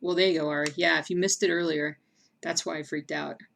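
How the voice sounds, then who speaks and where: A woman hosting a casual livestream chat, reading viewer comments aloud between bursts of excitement. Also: on the low side, fast, creaky. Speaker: stream host.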